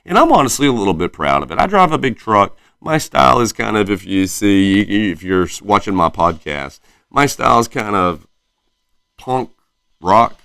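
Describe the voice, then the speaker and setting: Speaking solo on his casual podcast, a thirty-something host from South Carolina with a light Southern twang rambles through stories and keeps correcting himself. His lowish voice is sing-song, bright and forceful with vocal fry, at a moderate pace, captured in studio quality with no room sound.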